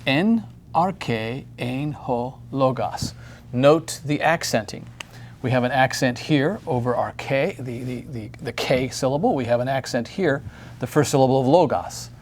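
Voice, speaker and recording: A man's voice: medium pitch, moderate pace, a little hiss or hum. A man teaching a recorded grammar lesson, friendly and upbeat, explaining step by step.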